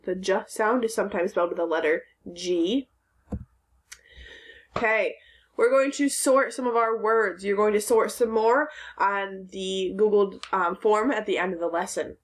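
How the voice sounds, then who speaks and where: A woman's voice: medium pitch, unhurried. A woman teaching a recorded phonics lesson to children, patiently sounding out letters and words.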